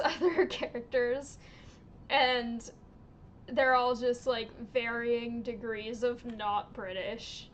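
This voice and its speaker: A woman livestreaming a game, chatting casually in an unhurried way, with lots of little laughs and ums. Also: a little high, slight background noise. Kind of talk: casual chat while streaming a game.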